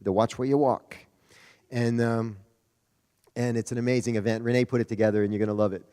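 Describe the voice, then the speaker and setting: A man's voice: mid-range voice, fairly even intonation, a little fast, warm tone, smooth. A man giving a folksy, chatty conference speech as a Rotary district leader, joking with the crowd over a PA mic. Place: large conference hall. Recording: reverberant conference hall.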